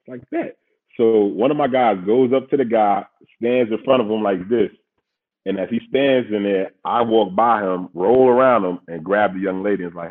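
A man from Queens, telling a story as a guest in a lively, slangy way and acting out the quotes. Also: on the low side, a little fast, breathy edge. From Queens, New York. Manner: animated, slangy, acts out quotes. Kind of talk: casual storytelling. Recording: phone-like narrow sound.

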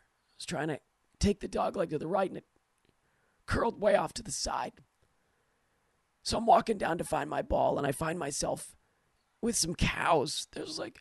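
Chatty joke golfer with a lifted voice, animated telling, done by a man. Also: on the high side, creaky, husky, no room sound, clean studio sound, voice pushed up, heavily acted. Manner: animated storytelling. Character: adult male golfer spinning a long tale.

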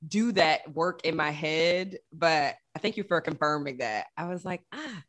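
A man from Georgia, a podcast host who also works as an actor and voice actor, chatting in an animated way and often acting out quoted remarks. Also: fairly high pitch, moderate pace, crowd noise. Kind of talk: casual interview conversation.

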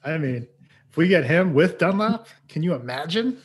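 A man's voice: a little high, lively intonation, moderate pace, husky. Laid-back joking male podcast co-host. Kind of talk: casual sports podcast chat.

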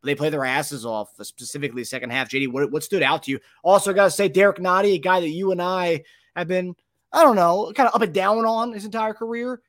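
A man's voice: sits high, quick pace, fairly bright tone, dry recording. A man hosting a football podcast, rambling through plays with restarts and handing questions to his co-host. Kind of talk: casual sports chat.

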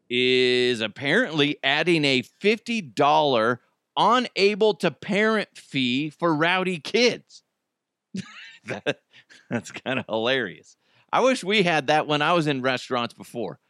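A man's voice: a little high, very animated, slow, a bit bright, dry recording, studio quality. A man with kids hosting a casual comedy podcast, chatting wryly about the news with lots of asides and restarts. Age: adult with children. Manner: chatty, wry, rambling, frequent restarts and asides. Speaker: podcast host.

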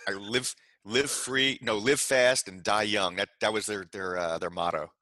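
A middle-aged man co-hosting a casual chat show, blunt and teasing, quick to correct others. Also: lowish voice, steady tone, bright, forceful tone, no echo. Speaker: podcast co-host.

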